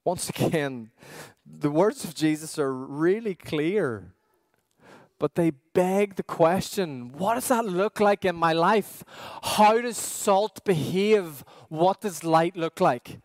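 A man preaching a sermon as pastor, earnest and questioning, with emphatic pauses. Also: fairly high pitch, expressive, no room sound.

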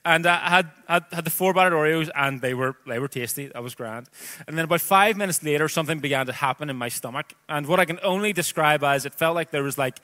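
A man's voice: a little high, quick pace, pushed and bright. A man in his thirties with a Northern Irish accent, preaching a sermon that moves from scripture reading into a chatty personal story full of casual asides. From Northern Ireland.

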